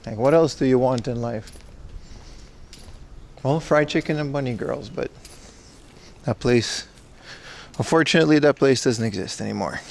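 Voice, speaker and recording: A man's voice: mid-range voice, normal speed, vocal fry, long pauses, a little mellow, slight background noise. A sleep-deprived man hosting a casual livestream, joking sarcastically with chat while walking along a city street. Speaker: livestream host. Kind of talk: casual IRL stream chat, reading chat.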